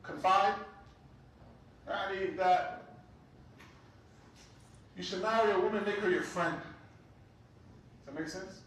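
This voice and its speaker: High-voiced imam in an echoing room. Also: male voice, takes it slowly, pauses often, a bit bright. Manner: conversational, keeps checking in with "right?". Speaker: imam teaching a class. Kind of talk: religious class lecture. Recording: very echoey room, mic far off.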